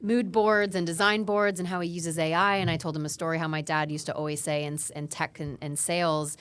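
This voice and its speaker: Low-voiced woman hosting an interview. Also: little pitch movement, a little fast, a bit bright, clean tone. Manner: friendly, searching questions with restarts. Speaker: podcast host. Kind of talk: casual interview.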